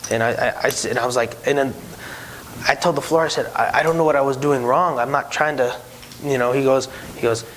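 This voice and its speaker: A man in a casual chat, telling dealer stories in an animated way and acting out the people in them. His voice sits at a middle pitch, and faint noise hums behind him. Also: fairly quick, poor audio. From Hispanic heritage, no country given. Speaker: podcast co-host, former casino dealer.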